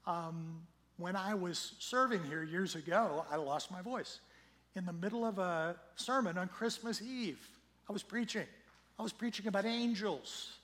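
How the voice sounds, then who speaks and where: Slightly hoarse middle-aged pastor, kinda high voice, chatty storytelling sermon, big echoey church hall. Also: male voice, a little slow. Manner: conversational, storytelling preacher who swells loud for scripture. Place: church sanctuary. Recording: long church hall reverb.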